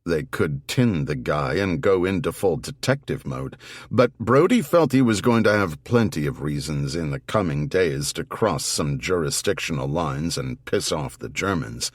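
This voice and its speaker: A male audiobook narrator with a deep, low voice and an unhurried pace. His reading is measured but expressive, and the pitch moves a good deal. It is recorded dry and close in a studio booth. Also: dry recording. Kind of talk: scripted narration.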